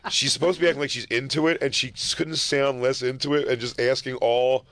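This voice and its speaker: A man's voice: mid-range voice, steady tone, fairly quick, a bit bright, dry recording. A man hosting a talk radio show, telling a story in casual, profane chat and laughing at how absurd it is.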